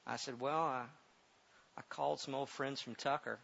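Middle-aged male pastor, gravelly voice, halting delivery that swells into emphatic preaching, dull recording with light hiss. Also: mid-range voice, fairly even intonation. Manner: halting, repeats words, grows loud and emphatic when preaching. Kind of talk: sermon with personal story.

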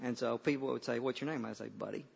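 A man's voice: mid-range voice, quick pace, creaky, slight background noise. An older man, a pastor, preaching a folksy sermon and often repeating his first words before a thought. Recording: dull sound with long hall reverb.

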